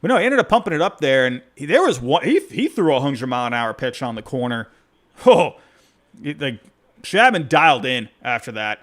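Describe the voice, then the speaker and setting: A man hosting a postgame baseball reaction show, talking in an excitable, rambling way that keeps breaking off and restarting. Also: mid-range voice, normal speed. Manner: excitable, rambling, self-interrupting. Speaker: podcast host.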